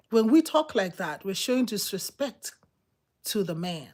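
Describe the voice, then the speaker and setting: A woman preaching a sermon in an emphatic, repetitive, exhorting manner, swinging between loud outbursts and low murmurs. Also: big pitch swings, a little slow.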